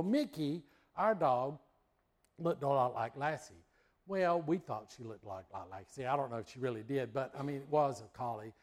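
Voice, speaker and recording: A man's voice: mid-range voice, darkish tone. A middle-aged man from the United States preaching a sermon, telling a childhood story in a folksy way. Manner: folksy storytelling, acts out voices and barks.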